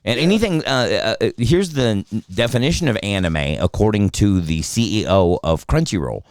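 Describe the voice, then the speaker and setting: A comedian and voice actor in his fifties, a podcast guest telling animated stories with frequent laughs and restarts. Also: lowish voice, moderate pace, no room sound. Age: 50s. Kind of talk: casual storytelling chat. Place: podcast studio.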